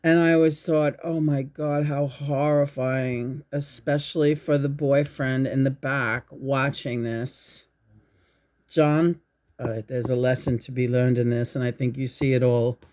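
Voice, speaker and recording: A woman hosting her own channel, telling a spiritual story in a rambling, halting way, restarting her sentences and swearing. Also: a bass voice, fairly even intonation, darkish tone. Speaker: channel host. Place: indoors at home.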